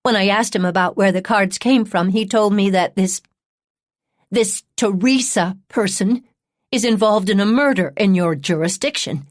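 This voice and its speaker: A woman's voice: medium pitch, moderate pace, dry recording, clean studio sound, natural voice. A woman narrating an audiobook, voicing a distraught, tearful middle-aged wife who is sobbing into the phone. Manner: tearful, pleading.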